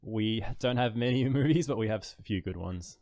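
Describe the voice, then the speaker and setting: An Australian man hosting a casual conversation. He is friendly, laughs easily and wanders between thoughts. His voice sits low, and the sound is dry and close. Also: normal speed, darkish tone, dry recording. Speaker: podcast host. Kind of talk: casual conversation over a call.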